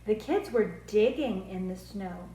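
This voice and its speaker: Slow, clear woman reading aloud. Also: mid-range voice, warm tone, slight background noise. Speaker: speech therapist. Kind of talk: reading picture books aloud to children. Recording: roomy echo.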